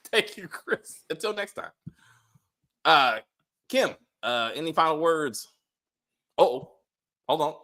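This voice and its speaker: Lively, stammering male review host. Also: fairly high pitch, slow pace, long pauses. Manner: stammering, repeats himself, laughs often. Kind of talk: casual panel review chat. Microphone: video call.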